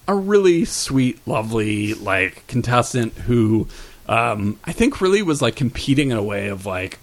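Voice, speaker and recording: A man co-hosting a casual pop-culture podcast, his voice at an ordinary middle pitch. He rambles from one show to the next and fills his sentences with "like" and "um". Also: big pitch swings, a little slow. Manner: rambling, filler-heavy, frequent "like" and "um". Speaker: podcast co-host.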